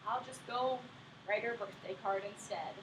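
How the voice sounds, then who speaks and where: A woman's voice: fairly high pitch, moderate pace, fairly bright tone, roomy sound, a little hiss or hum, voice pushed down, natural voice. A woman voicing a sneezy male big bad wolf who is sly and mock-innocent as he asks the pigs to open up. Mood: wheedling.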